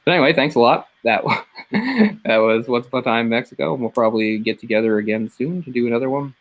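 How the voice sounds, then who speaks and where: A man's voice: mid-range voice, quick pace, highs cut off. Brief: young male host, loose rambling movie-commentary chat, laughs mid-sentence. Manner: rambling, laughs between words.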